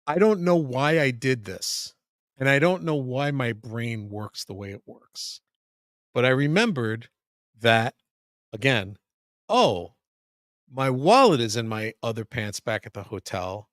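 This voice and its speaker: A man tells a long story as a podcast guest, swearing freely and stumbling over restarts. His voice sits at a middle pitch. The sound is dry and close. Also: lively intonation, slow pace, fairly bright tone, no echo. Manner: rambling, profane, frequent restarts. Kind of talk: casual storytelling.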